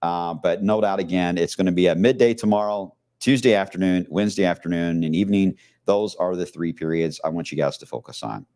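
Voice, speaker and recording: Casting: hoarse middle-aged TV weatherman, very low voice, loose chatty delivery. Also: fairly quick, darkish tone. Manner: casual, rambling, many fillers. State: hoarse, losing his voice. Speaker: TV meteorologist. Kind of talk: live weather blog talk.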